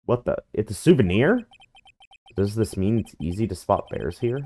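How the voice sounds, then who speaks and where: A man's voice: fairly low pitch, big pitch swings, moderate pace, mellow. A man reading game dialogue aloud in a dry, wry tone during a playthrough.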